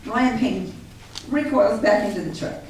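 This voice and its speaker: A woman giving an earnest, animated personal account to a live audience, acting out what others said, heard from a distance in a large echoey hall. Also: mid-range voice, measured pace. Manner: earnest, animated storytelling that acts out others' words. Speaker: speaker at a public gathering. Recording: echoey hall from far off, faint hiss.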